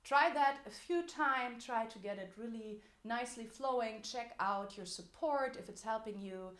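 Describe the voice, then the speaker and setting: A woman's voice: on the high side, normal speed, a bit bright. A woman teaching a singing lesson as a vocal coach, explaining technique in an encouraging way. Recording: echoey room.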